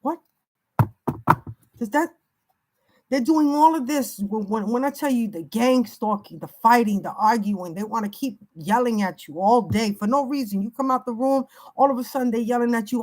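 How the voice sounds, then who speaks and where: A woman's voice: a little high, normal speed, a little mellow, low-quality recording. An older woman giving an unscripted spiritual reading, emphatic and warning, piling up repeated phrases. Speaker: spiritual reader.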